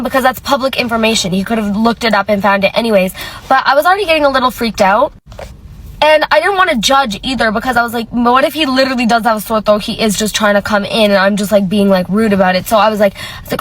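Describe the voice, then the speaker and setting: Woman, retail cashier, chatty storyteller, slightly high voice, faint background noise. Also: quick pace, rough recording. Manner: chatty, animated quoting of dialogue. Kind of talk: casual storytelling vlog.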